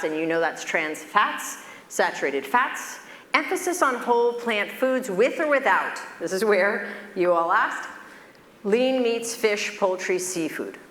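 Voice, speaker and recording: A woman physician giving a conference keynote, lecturing conversationally and telling stories in an animated, expressive way. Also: mid-range voice, slight background noise. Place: large lecture hall. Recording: echoey hall with long reverb, faint ambience.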